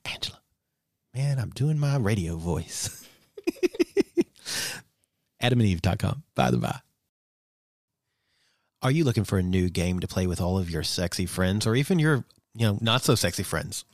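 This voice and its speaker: A man's voice: low voice, lively intonation, moderate pace, no room sound, clean studio sound. A man hosting a podcast in casual chat, joking playfully while reading sponsor ads. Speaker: podcast host.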